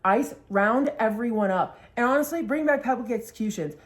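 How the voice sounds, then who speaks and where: A woman's voice: fairly high pitch, a little fast, pitched above the performer's own voice, close to an everyday voice. Woman voicing a ranting bigoted barfly. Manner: blunt, aggressive, profane. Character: belligerent bigoted man ranting at a bar.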